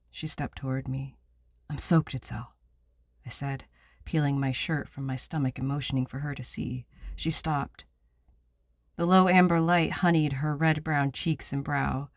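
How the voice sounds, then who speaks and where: A man reading a novel aloud in the first person, measured and somber, recorded on a close studio mic. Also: a little high, gravelly, no echo. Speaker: audiobook narrator. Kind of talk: scripted first-person narration.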